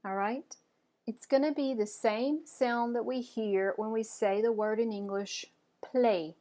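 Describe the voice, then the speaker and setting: A woman teaching French pronunciation, modelling words clearly and encouraging learners to repeat after her. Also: fairly high pitch, steady tone, a little slow, warm tone. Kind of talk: pronunciation lesson.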